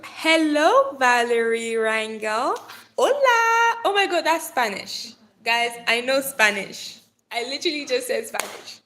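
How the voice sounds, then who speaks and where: A woman's voice: a little high, sharp tone. A young woman hosting a casual live stream from her phone, bubbly and playful, chatting with viewers, calling them darling and swearing now and then. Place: Nigeria.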